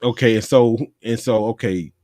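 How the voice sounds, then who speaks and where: A man hosting a podcast in a relaxed, casual way, with plenty of fillers, stopping his guest to sort out the details. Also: medium pitch, normal speed, no room sound, studio quality. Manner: laid-back with fillers, stops the guest to check details. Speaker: podcast host.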